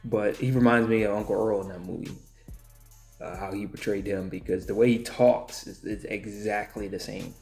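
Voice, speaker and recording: A man's voice: fairly low pitch, fairly even intonation, moderate pace, creaky, a little mellow, faint music behind. A young man giving a casual, rambling spoken movie review, full of restarts and offhand asides. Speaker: film reviewer.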